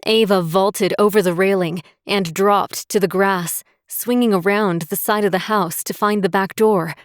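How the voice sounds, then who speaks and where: A woman narrating a romantic suspense audiobook in a steady, measured way. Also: medium pitch, no room sound, studio quality. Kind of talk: scripted narration.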